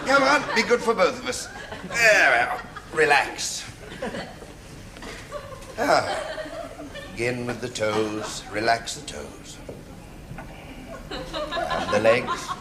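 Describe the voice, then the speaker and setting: An actor playing a pompous senior psychiatrist in a 1970s sitcom, who coaxes patronisingly and then erupts into shouting rages. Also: male voice, mid-range voice, expressive, slow, long pauses. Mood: soothing patronising. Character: pompous male senior hospital psychiatrist, explosive temper. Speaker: hospital psychiatrist. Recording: studio audience laughter over noisy old broadcast.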